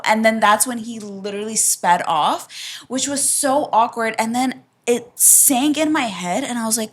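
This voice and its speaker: A woman's voice: fairly high pitch, a little slow. Chatty young woman telling a story. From from a Russian family. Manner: animated storytelling, many fillers like "like" and "literally". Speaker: podcast co-host. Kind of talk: casual chat.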